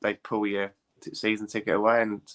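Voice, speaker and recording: Fast-talking bright-voiced man. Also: on the low side. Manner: chatty, animated, quick to opinion. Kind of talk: casual football chat.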